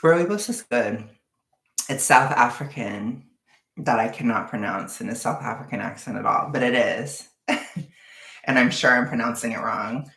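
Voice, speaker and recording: A woman's voice: rumbling low, normal speed, a bit bright, reverberant. A woman with a Californian accent chatting casually with her livestream viewers, rambling, sighing and venting with frank frustration. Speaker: vlogger chatting with a live audience.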